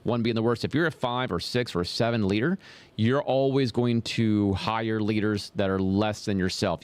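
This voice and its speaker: Low-voiced man giving emphatic leadership advice. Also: no room sound. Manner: emphatic, repeats key points, addresses listener directly. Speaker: pastor and podcast host. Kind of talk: motivational teaching talk.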